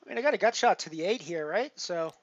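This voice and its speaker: A man's voice: high-pitched, lively intonation, fast talker, lo-fi sound. A man casually chatting to his viewers while he plays online poker, rambling with lots of fillers and restarts. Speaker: poker streamer. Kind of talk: casual live-stream commentary.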